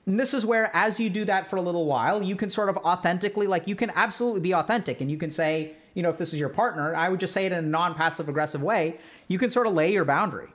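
Chatty advice-giving man, higher voice. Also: quick pace, a bit bright. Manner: conversational, full of "like" and "right?" check-ins; breaks into role-played example dialogue. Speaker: podcast host giving relationship advice. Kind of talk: explanatory advice talk.

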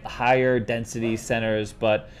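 A man's voice: mid-range voice, level tone, measured pace. Joking, rambling man, casual chat. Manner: rambling, joking, with frequent restarts. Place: based in Las Vegas.

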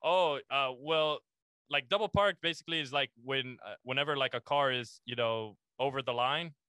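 A man's voice: medium pitch, moderate pace, sharp tone, smooth, no room sound. A man guesting on a podcast, rambling and self-deprecating with lots of likes and uhs. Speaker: guest comedian. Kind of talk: casual podcast chat.

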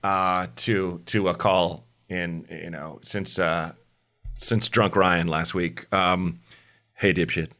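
Male comedy podcast host, thirties, slightly low voice, chatty and self-mocking. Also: fairly even intonation, slow pace, bright, forceful tone. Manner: rambling, self-deprecating, many fillers and restarts. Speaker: advice call-in podcast host. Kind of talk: casual comedic podcast chat.

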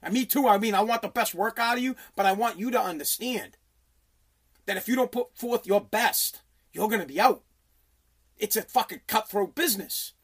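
A man's voice: sits high, normal speed, husky. Profane, blunt man ranting. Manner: profane, aggressive, emphatic. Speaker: business owner and radio host. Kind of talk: blunt motivational rant.

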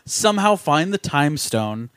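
Young dude ranting about movies, slightly high voice, dry mic. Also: male voice, sing-song, unhurried, a bit bright, clear, resonant tone, dry recording. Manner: emphatic, swears a lot. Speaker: podcast co-host. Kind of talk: casual movie chat.

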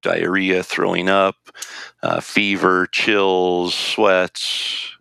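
A man with a very low, gravelly voice tells a rambling story, stopping to restart and acting out what people said. The recording is dry and close, with no room sound. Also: flat delivery, very slow, pushed and bright, dry recording. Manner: rambling, with restarts and quoted dialogue. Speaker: guest recounting a hunting trip. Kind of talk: casual storytelling.

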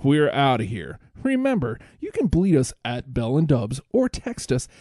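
Lively mellow-voiced radio host man. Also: mid-range voice, moderate pace, no echo, studio quality. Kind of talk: comedic call-in radio hosting.

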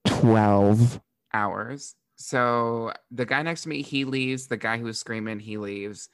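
A young man from Florida, a drag performer hosting a podcast, telling stories in a casual, animated way with frequent swearing and laughter. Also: mid-range voice, takes it slowly, clean tone, no room sound, studio quality. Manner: animated, profane, laughs often. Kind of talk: casual storytelling.

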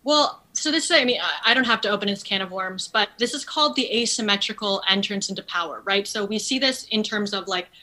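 A woman's voice: mid-range voice, fairly quick, hardly any pauses, bright, forceful tone, rough recording. A woman who is a guest on a podcast, speaking earnestly and articulately, with frequent fillers. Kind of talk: conversational interview.

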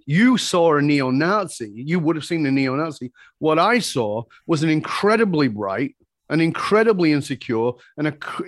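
A man being interviewed about his work teaching communication skills, telling stories in an animated, emphatic way that climbs to excited peaks. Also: a little high, no room sound, studio quality. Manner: energetic, emphatic, rising to excited peaks when retelling exchanges. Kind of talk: animated personal storytelling in conversation.

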